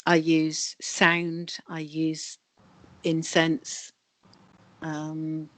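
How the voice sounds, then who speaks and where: A woman guest on a video call interview, calmly explaining energy healing. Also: sits low, extremely slow. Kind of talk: interview answers.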